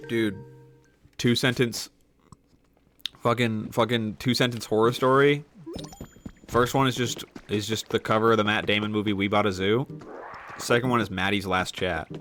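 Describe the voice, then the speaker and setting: A man's voice: on the low side, fairly even intonation, normal speed, pauses often, a bit bright, faint music behind. A man chatting casually while live-streaming a game from his home desk, rambling and joking and swearing often.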